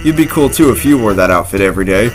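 A man's voice: fairly low pitch, animated, fast talker, faint music behind, voice pushed down, lightly acted, low-quality recording. A man voicing a lazy, joking male skeleton, reading game dialogue aloud with an offhand, laid-back delivery.

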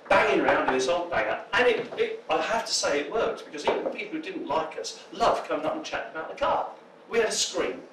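A political speaker addresses a crowd in a pub function room, telling jokey anecdotes and acting out the voices of people in them, his fairly high voice lively and varied. A distant mic makes the sound roomy and echoey, with a faint ambient hum beneath.

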